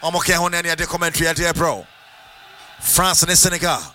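A man with a Ghanaian accent calling a football match live on radio, in a sing-song, excitable delivery that mixes English with Twi. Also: on the high side, fast, a little hiss or hum. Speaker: play-by-play commentator.

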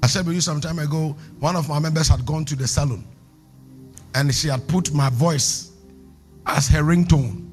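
A man's voice: a little high, moderate pace, faint music behind. A man preaching a sermon as a pastor, emphatic and calling for responses from the congregation.

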